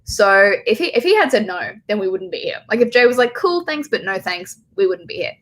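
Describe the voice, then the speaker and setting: A woman's voice: mid-range voice, lively intonation, fast. A woman hosting a casual livestream, emotional and choked up, rambling and swearing with bursts of laughter.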